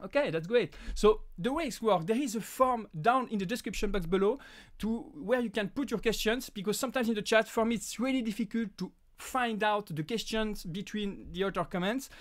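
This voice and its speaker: A man from France with a French accent, whose first language is French, hosting a casual live Q&A and talking in halting bursts full of restarts. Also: high-pitched. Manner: halting, frequent restarts and fillers. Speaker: live stream host.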